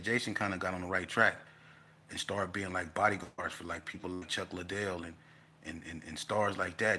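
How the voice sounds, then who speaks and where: Bright-voiced man telling rowdy stories. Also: deep voice, slight background noise. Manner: animated, profane, bursts into loud outbursts. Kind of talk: casual storytelling monologue.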